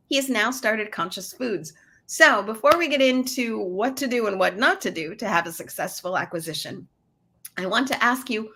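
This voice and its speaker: A woman's voice: fairly high pitch, pushed and bright. A woman hosting a business interview podcast, chatty and upbeat. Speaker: host.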